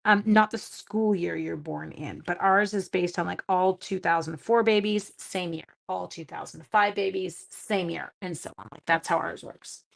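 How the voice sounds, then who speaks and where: With a lowish voice, vocal fry and hardly any pauses, a seventh-grade teacher speaks at normal speed. She chats through her live-stream card-making demo, joking at her own expense and talking to herself as she goes.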